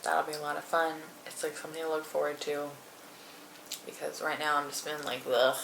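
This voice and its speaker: A woman's voice: sits low, flat delivery, brisk, gravelly, fairly bright tone. A woman vlogger chatting casually while eating on camera, rambling with lots of fillers, in a room at home. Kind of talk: casual mukbang chat. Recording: roomy echo, faint noise.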